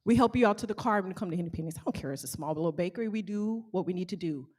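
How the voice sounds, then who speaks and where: A woman who owns a small bakery gives a motivational talk to a live audience, animated and calling out questions to the crowd. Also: lowish voice, rapid-fire, husky. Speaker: small bakery owner speaking to fellow business owners.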